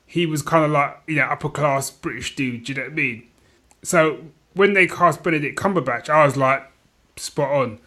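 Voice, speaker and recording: Rambling middle-aged podcast host. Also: male voice, fairly high pitch, normal speed, pushed and bright. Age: 40s. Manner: rambling, self-deprecating, restarts a lot. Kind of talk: casual chat.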